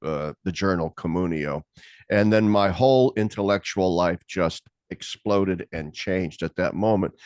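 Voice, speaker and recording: A man's voice: fairly low pitch, a little mellow, no room sound, studio quality. A man in his sixties hosting an interview, talking in an earnest, discursive way with frequent restarts. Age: 60s. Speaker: interview host. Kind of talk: conversational interview.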